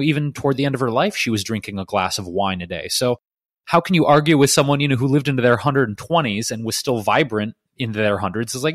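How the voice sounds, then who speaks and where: A man's voice: medium pitch, no room sound, clean studio sound. A man co-hosting a podcast in casual chat, making long, earnest, rambling points. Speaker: podcast co-host.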